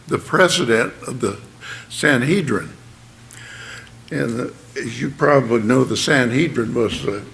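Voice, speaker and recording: A man giving a sermon, explaining plainly in a halting way with many fillers and restarts. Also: medium pitch, a bit bright. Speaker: church speaker.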